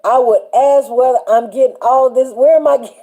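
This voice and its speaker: Lively high-voiced woman hosting a chat. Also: brisk. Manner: animated, chatty, laughs often, greets viewers by name. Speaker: livestream show host. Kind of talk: casual faith chat with a live chat.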